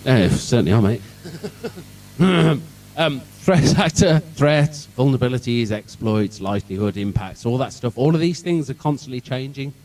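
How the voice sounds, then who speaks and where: A man with a Birmingham accent gives a conference talk that is loud with jokes and swearing, sarcastic and irreverent. His voice sits at an ordinary middle pitch. He is heard from some distance off the mic in a hall. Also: animated, moderate pace. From England, Birmingham. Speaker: conference speaker. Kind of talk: sweary comic tech talk. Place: event hall.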